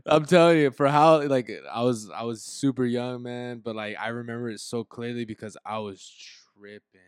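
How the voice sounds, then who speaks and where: A man's voice: mid-range voice, fairly even intonation, moderate pace, smooth, no echo, studio quality. A young man hosting a podcast, telling a childhood story in casual chat, with a lot of slang and swearing. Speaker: podcast host.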